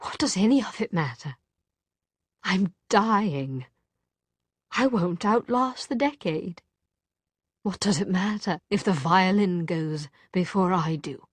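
A woman reading as a gravely ill young man, bitter and despairing, speaking low and intense. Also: animated, slow, pauses often, no echo, heavily acted. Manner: low, near-hissing intensity.

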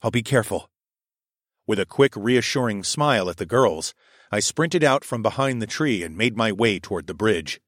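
A young adult man narrating a first-person adventure story in a steady storytelling voice. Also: moderate pace, dry recording, clean studio sound. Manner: steady storytelling, voicing his own lines louder and higher.

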